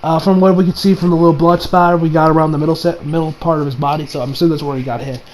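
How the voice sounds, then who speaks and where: A man giving a casual recap and review of an anime episode, animated and exasperated, laughing and swearing as he talks. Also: on the high side, rapid-fire, a little hiss or hum, rough recording.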